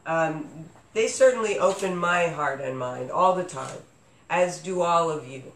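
A man's voice: fairly high pitch, a little slow, fairly bright tone. Rambling man in an echoey room. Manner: rambling, with many fillers and restarts. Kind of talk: casual podcast chat. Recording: echoey room with faint noise.

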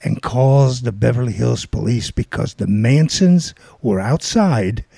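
A man's voice: mid-range voice, unhurried, vocal fry, no echo, clean studio sound. An older man telling a long rambling anecdote in casual chat, acting out the voices of people in it. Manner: rambling, animated storytelling with quoted voices.

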